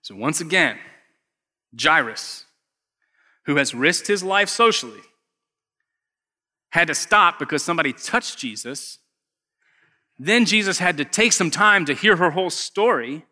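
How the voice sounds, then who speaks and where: A male pastor gives a casual, storytelling sermon. His voice is fairly high and bright, and he drops to near-whispers and rises to loud bursts. A long hall reverb trails every phrase. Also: lively intonation, unhurried, long pauses. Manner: conversational, acts out characters, wide swings from loud to hushed.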